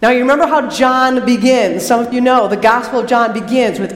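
A woman preacher giving an animated sermon, moving between hushed and excited. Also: on the high side, a little fast. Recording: echoey hall reverb.

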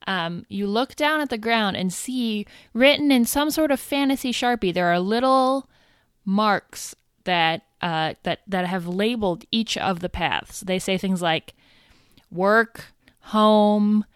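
Woman game master, smooth clear voice, playful narration, dry close sound. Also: mid-range voice, unhurried, a bit bright, no room sound.

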